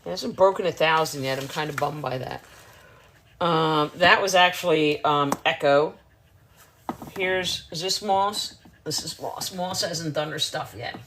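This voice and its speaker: A woman's voice: sits low, unhurried, fairly bright tone, slight background noise. A woman dog breeder chatting casually on a livestream, answering viewer comments while tending puppies.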